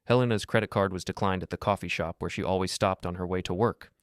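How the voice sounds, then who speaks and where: Deep male narrator, dry booth sound, measured and calm first-person storytelling. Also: no room sound.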